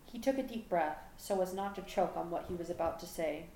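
Woman reading a story out loud, lowish voice, echoey room, faint hum. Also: a little fast, gravelly. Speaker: fan fiction audiobook reader. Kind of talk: story narration.

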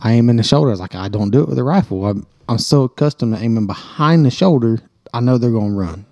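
A man's voice: medium pitch, lively intonation, fast talker, dark tone, no room sound, muffled recording. A man co-hosting a casual podcast, explaining things in a matter-of-fact way. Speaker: podcast co-host. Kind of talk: casual chat.

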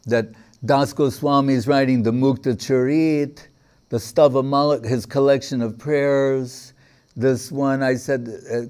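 A man's voice: medium pitch, a little mellow, clean tone. A man giving a devotional lecture, telling stories with quoted dialogue and frequent fillers. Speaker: spiritual teacher.

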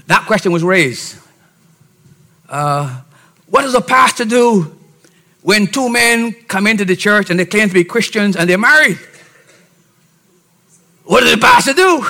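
A male pastor preaching a sermon with emphasis, dropping to soft asides and rising to shouted points, often asking his listeners "See?". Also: high voice. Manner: keeps checking on listeners with "See?".

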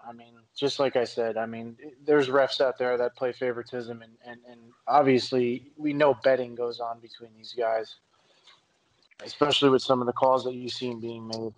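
A man's voice: medium pitch, level tone, moderate pace, poor audio. A man giving his opinion in a casual sports chat, hesitant and full of fillers.

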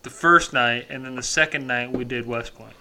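A man's voice: mid-range voice, normal speed, sharp tone. A man on a casual podcast, telling a story full of swearing and acting out what people said. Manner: profane storytelling, acts out quoted dialogue. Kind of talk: casual chat.

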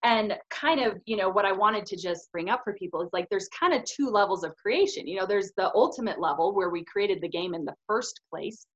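A woman's voice: mid-range voice, brisk, hardly any pauses. A woman co-hosting a spiritual podcast, talking earnestly and emphatically in casual chat with many "you know"s. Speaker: podcast co-host. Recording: slightly dull lo-fi audio.

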